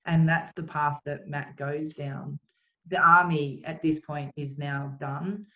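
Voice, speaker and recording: A woman's voice: deep voice, steady tone, echoey room, muffled recording. Woman recounting a painful memory. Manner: earnest, halting storytelling. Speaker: interview guest. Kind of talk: emotional personal account.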